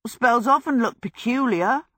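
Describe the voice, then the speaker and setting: A woman's voice: fairly high pitch, measured pace, fairly bright tone, dry recording, pitched above the performer's own voice. An eager young male apprentice , as a woman narrator reads him, earnest and willing in a storybook reading. The voice sounds close and dry.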